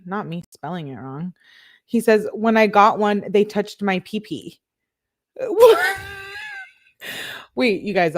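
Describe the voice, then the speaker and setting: A young woman hosting a casual chat, reading text messages aloud and breaking off with laughing reactions and asides. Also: mid-range voice. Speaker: true crime commentary host.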